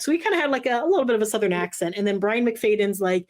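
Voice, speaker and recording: A woman co-hosting a podcast, recapping another show in casual chat, full of fillers and quick asides. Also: medium pitch. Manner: rambling, filler-heavy recap. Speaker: podcast co-host.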